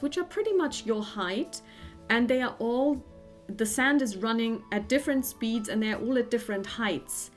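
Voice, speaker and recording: A woman who narrates scenes as the game master, with frequent pauses and fillers. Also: a little high, animated, soft background music. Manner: descriptive, with frequent fillers and restarts.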